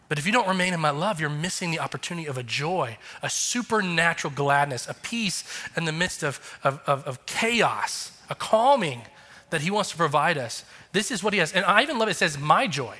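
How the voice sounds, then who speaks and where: A man's voice: on the high side, expressive, fairly quick, bright, forceful tone, long reverb tail. A man in his thirties, a pastor giving an earnest, conversational sermon with emphatic turns.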